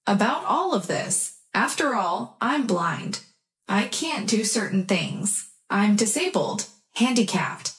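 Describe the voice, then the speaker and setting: A woman voicing a gentle, vulnerable young blind man in a story, speaking quietly and tenderly. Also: medium pitch, sing-song, slow pace, roomy sound.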